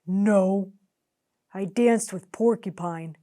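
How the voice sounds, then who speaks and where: A woman voicing a calm, matter-of-fact male animal friend with low, quiet, dry remarks in a storybook. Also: slow. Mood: wry.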